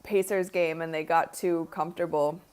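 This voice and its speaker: A woman's voice: low voice, fairly even intonation, moderate pace, a little mellow, clear, resonant tone. Young woman casually chatting thru a live watch party, kinda sleepy, lots of likes and honestlys. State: tired, yawning. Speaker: livestream host.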